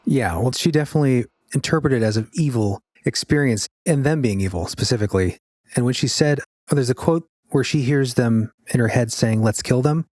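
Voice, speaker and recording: A man's voice: medium pitch, a little fast, a little mellow, dry recording, studio quality. A man co-hosting a podcast, chatting casually and explaining what he read. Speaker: podcast co-host. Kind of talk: casual chat.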